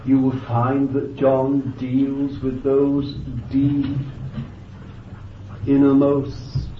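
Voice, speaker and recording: A man preaching a sermon with fervent emphasis, moving between loud bursts and quiet asides, thinking aloud with restarts and "you see.". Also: mid-range voice, distant mic, a little hiss or hum. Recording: dull, lo-fi, echoey and off-mic.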